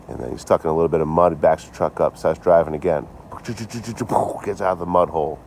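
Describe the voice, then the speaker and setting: A brisk man with a low-pitched, steady, slightly mellow voice livestreams from his phone, with a little hiss or hum in the audio. He's tipsy, and his casual chat rambles along with plenty of swearing and sarcastic jokes exchanged with viewers.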